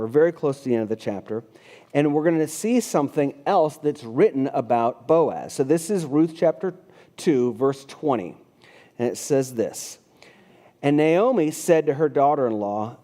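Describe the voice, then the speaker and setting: Male pastor, fifties, mellow tone, casual sermon delivery with frequent restarts. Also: fairly high pitch. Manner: conversational, restarts phrases, reads scripture aloud. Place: church sanctuary.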